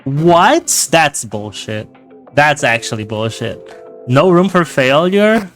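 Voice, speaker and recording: A man hosting a live gameplay podcast, reacting loudly, swearing at the game and laughing often. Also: fairly high pitch, expressive, takes it slowly, soft background music. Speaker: podcast host and streamer. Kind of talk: casual live gameplay chat.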